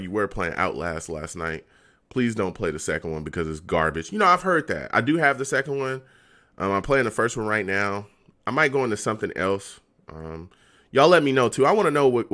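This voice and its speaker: A young man hosts a live reaction stream, his voice swinging widely in pitch as he cracks up again and again. He talks in loose, slangy chat to his viewers, exasperated and laughing. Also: pushed and bright. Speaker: streamer reacting to a football game.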